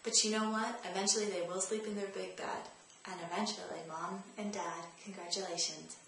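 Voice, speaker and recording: A woman's voice: medium pitch, steady tone, brisk, fairly bright tone, slight background noise. Woman in a very echoey room. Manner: direct, coaching, repeats key phrases. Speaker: parenting advice host. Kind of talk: parenting tips vlog. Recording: very echoey room, faint ambience.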